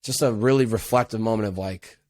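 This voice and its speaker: A man's voice: lowish voice, fairly quick, darkish tone, no room sound. A young adult man, a podcast guest, telling his story in an earnest, reflective way with casual slang. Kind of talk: casual interview conversation.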